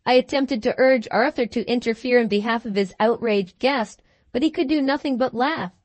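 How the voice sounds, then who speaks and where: A woman narrating a classic novel as an audiobook in a measured, steady way. Her voice sits on the higher side. The recording is dry and close, with no room sound. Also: no room sound. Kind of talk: first-person audiobook narration.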